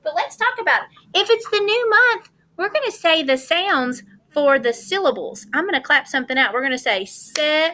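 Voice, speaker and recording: A woman's voice: high-pitched, animated, a little fast, few pauses, pushed and bright. A woman teaching kindergarten over a video call, cheerful and sing-song, coaxing young children through the morning meeting. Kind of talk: online class morning meeting.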